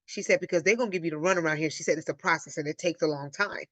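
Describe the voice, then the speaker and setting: A woman from Illinois hosting a live Q&A, telling a personal story in a casual, animated way and acting out the voices she quotes. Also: low-pitched, very fast, dry recording. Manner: animated, acts out quoted voices, addresses listeners as y'all. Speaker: host of a live Q&A.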